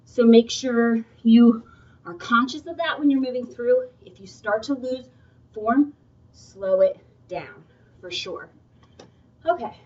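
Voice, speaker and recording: A woman's voice: a little high, slow, long pauses, a little mellow, far from the mic, slight background noise. A young adult woman giving a workout lesson in a chatty, encouraging way. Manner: chatty, encouraging, breaks off with laughs. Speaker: fitness instructor. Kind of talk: workout instruction video. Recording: muffled, from away from the mic.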